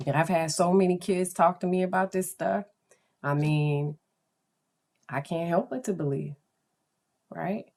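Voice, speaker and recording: Low-voiced woman podcast host. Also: vocal fry. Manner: chatty, animated, acts out quoted voices. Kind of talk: casual podcast talk.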